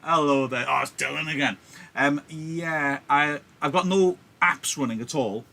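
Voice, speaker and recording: A man's voice: on the high side, a little slow, gravelly, sharp tone. A man teaching live, reading a play aloud and explaining it in a joking, chatty way over a laptop mic.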